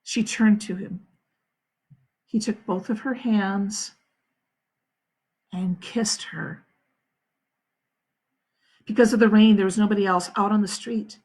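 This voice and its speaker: A woman school principal reading a novel aloud to her students with expressive storytelling. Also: mid-range voice, slow, long pauses, husky. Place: home, livestream.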